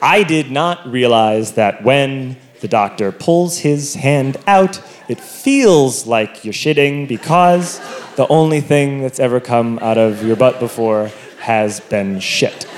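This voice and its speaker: A man doing a stand-up comedy routine on stage, telling a self-mocking story with loud outbursts into a handheld mic. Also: medium pitch. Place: comedy stage before an audience. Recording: live comedy show with audience laughter.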